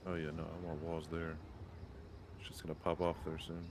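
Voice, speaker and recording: A man's voice: a bass voice, monotone, normal speed, background noise. A man chatting dryly and wryly while playing a co-op strategy game. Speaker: co-op game player. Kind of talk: casual chat while gaming.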